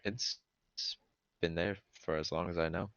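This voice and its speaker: A man's voice: low-pitched, fairly even intonation, normal speed, creaky, a bit bright, smooth, no echo, muffled recording. A man playing a tabletop game, talking bluntly and plainly in casual chat.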